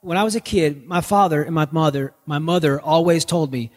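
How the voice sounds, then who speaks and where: A man's voice: fairly high pitch, brisk, big-room sound. A man preaching in a casual, joking style on a podcast, telling stories to make his point. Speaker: pastor. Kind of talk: conversational sermon podcast.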